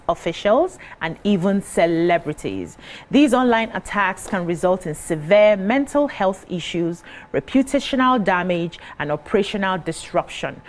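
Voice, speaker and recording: A woman presenting a live TV talk show, speaking in a clear, measured, welcoming way. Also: mid-range voice, a little mellow.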